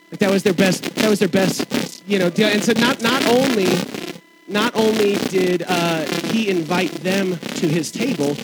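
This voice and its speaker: High-voiced man preaching casually. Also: normal speed, over loud music, rough recording. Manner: conversational, animated preaching with asides and self-deprecating jokes. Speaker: pastor. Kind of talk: sermon. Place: church sanctuary with congregation.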